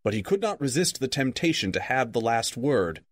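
A man reading a novel aloud as a radio story reader, in an even, measured storytelling manner. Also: medium pitch, no echo, clean studio sound.

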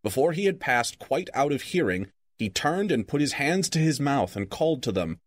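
A man reading a novel aloud as a radio story reader, in an even, measured storytelling manner. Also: mid-range voice, no room sound.

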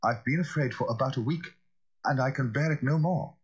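A man's voice: medium pitch, brisk, slightly rough, lo-fi sound, pitched above the performer's own voice, lightly acted. A man doing a fearful old butler. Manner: fearful, pleading. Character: anxious old male butler.

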